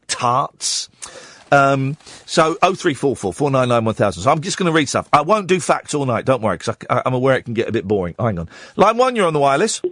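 Late-night radio host, male, rambling and excitable, very animated pitch, dry close studio mic. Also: no room sound. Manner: rambling, excitable, self-mocking. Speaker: radio presenter. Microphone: studio microphone.

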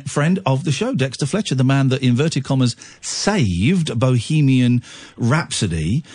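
Husky, lively radio host. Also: male voice, medium pitch, unhurried. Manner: jokey, rambling, lots of restarts. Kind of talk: late-night radio phone-in chat. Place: radio studio.

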